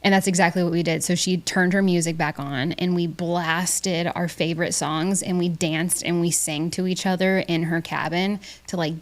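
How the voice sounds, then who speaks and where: Chatty young woman podcaster, slightly low voice. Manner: chatty, candid, swears freely. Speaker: podcast host. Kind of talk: casual storytelling monologue. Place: small home studio.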